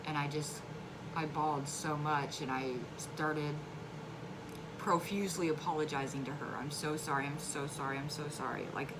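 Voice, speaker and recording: A woman frankly telling a personal story on her vlog, halting and restarting, flaring up when angry. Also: low voice. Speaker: vlogger sharing a personal story. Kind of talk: candid conversational storytelling. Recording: clear background noise.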